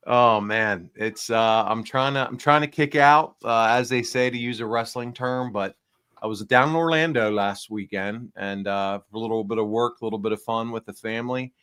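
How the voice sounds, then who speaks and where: This clean, slightly bright mid-range male voice moves at a moderate pace. He hosts a casual podcast while nasal and congested from the flu, staying upbeat and rambling with fillers, all captured on a small backup microphone.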